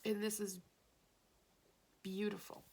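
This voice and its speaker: A woman delivers a spiritual tarot reading in a gentle, meandering way, her voice carrying a light vocal fry. A faint background hiss sits under her talk. She sounds earnest and moved by what she says. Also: medium pitch, level tone, slow pace. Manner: gently rambling, emotional, at times tearful and laughing. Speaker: tarot card reader.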